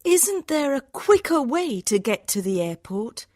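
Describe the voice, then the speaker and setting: A man's voice: very high-pitched, very animated, a little slow, darkish tone, pitched above the performer's own voice, exaggerated voice. A man reading a story aloud, voicing an anxious young woman traveller who pleads urgently.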